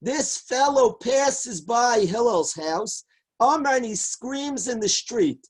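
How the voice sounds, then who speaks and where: Rabbi guy giving a talmud class, reads the quotes then translates, breathy voice. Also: very high voice, takes it slowly, rough recording. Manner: reads Hebrew and Aramaic lines, then translates them line by line; lively storyteller who shouts out the characters' lines. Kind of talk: animated Torah lecture storytelling.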